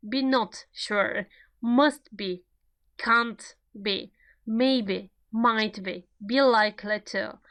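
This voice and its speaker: Slow, measured woman teaching grammar. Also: a little high, a bit bright. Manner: slow, deliberate, spelling out each example. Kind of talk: recorded online grammar lecture.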